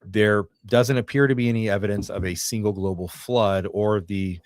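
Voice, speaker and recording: A man's voice: lowish voice, fairly even intonation, normal speed, dry recording, clean studio sound. A man hosting a casual podcast, explaining theories in a rambling, self-correcting way. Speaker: podcast host. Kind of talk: casual chat.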